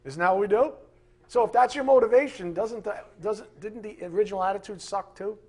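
Middle-aged preacher guy, husky and kinda high, fires off questions loud then drops quiet. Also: fairly quick. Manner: emphatic, rhetorical questions, swings from loud to hushed. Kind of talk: sermon.

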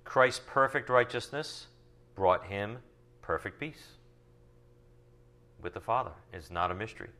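A man teaching from the Bible, reading verses slowly and then explaining them in casual asides full of rhetorical questions. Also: lowish voice, animated, sharp tone. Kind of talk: sermon teaching from scripture.

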